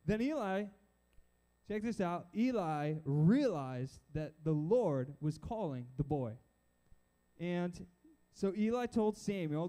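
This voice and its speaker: A male youth pastor preaches in a loose, animated way, acting out Bible figures as he goes. His voice sits high but has a dark, mellow tone. The talk is chatty and aimed at a young crowd in a church hall. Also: slow pace. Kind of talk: casual sermon to a youth crowd. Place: church auditorium with a balcony.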